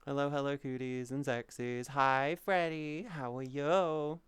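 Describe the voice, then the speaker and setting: A man chatting casually on a live stream, swearing freely, reading viewers' messages aloud and softly comforting them. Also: medium pitch, fairly even intonation, a little slow, smooth, dry recording. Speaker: VTuber streamer.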